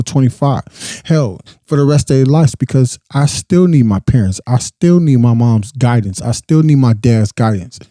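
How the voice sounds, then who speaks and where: A man's voice: medium pitch, dark tone, no room sound. A young adult man hosting a podcast, giving a blunt, profane, impassioned casual monologue. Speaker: podcast host.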